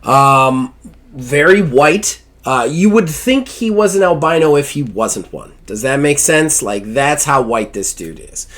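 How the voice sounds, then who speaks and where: A man's voice: fairly high pitch, animated, a little slow, a bit bright. A man narrating as game master of a tabletop game, casual and rambling with many fillers.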